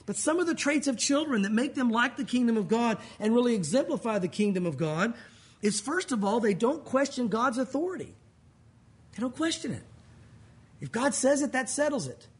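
High-voiced husky male pastor preaching. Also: quick pace. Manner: animated, acts out voices of people he quotes. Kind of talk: sermon.

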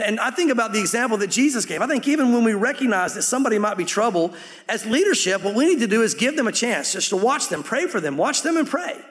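A man's voice: high-pitched, a bit bright, long reverb tail. A man preaching a sermon as pastor, in a conversational way that slips into acting out quoted voices.

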